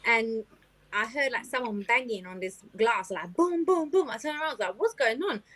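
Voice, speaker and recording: A woman's voice: on the high side, moderate pace. A young woman from Italy, a guest singer, telling stories in a casual podcast chat and acting out what people said. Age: young adult. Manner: animated storytelling, acting out quoted people.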